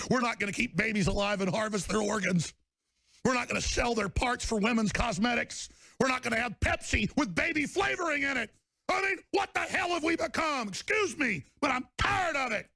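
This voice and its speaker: A man delivering an angry ranting monologue as a political commentator, swinging between low growled lines and fiery bellowed shouts. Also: gravelly, slightly rough, no room sound.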